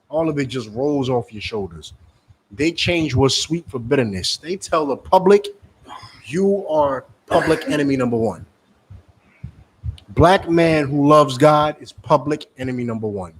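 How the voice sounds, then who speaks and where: Forceful man preaching on the street. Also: medium pitch, expressive, unhurried. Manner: forceful, scolding, repetitive preaching.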